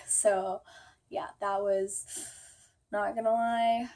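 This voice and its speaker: A woman's voice: medium pitch, fairly even intonation, takes it slowly, darkish tone. A young woman telling a storytime vlog, chatty and full of fillers, acting out her own quotes. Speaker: vlogger.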